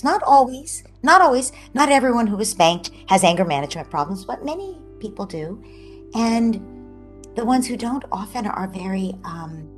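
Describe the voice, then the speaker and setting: Animated woman explaining gently. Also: mid-range voice. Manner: animated, explanatory, dips into soft near-whispers. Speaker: psychologist guest. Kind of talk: interview answers. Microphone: video call.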